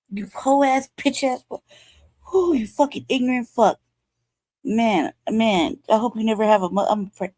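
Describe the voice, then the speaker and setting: Female host in her 40s, from California, heated and foul-mouthed commentary, dry room, mid pitch. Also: dry recording. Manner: profane, angry ranting.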